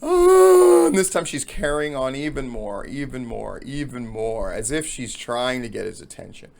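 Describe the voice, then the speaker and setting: Gravelly man telling a story. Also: mid-range voice, normal speed. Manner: animated storyteller, acts out the characters. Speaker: podcast host. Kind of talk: storytelling a joke in a talk on wrestling storytelling.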